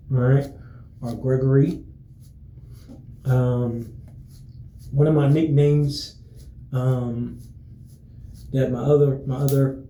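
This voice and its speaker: A man talking casually to his viewers in a relaxed, rambling way, full of fillers and restarts. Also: medium pitch, echoey room, slight background noise, poor audio. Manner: relaxed, friendly greetings. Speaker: vlogger. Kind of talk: casual chat to camera.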